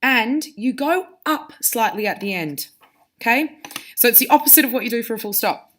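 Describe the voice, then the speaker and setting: A woman's voice: a little high, animated, normal speed, a bit bright, a little hiss or hum. A woman teacher explaining to pupils how to read punctuation and character voices aloud, demonstrating as she goes. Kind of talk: reading lesson for pupils.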